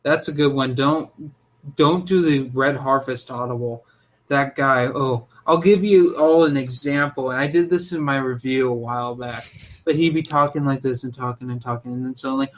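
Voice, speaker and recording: A young man co-hosting a casual podcast, talking in an animated, opinionated way. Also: medium pitch, moderate pace. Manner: animated, opinionated, jumps into loud mock voices. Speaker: podcast co-host.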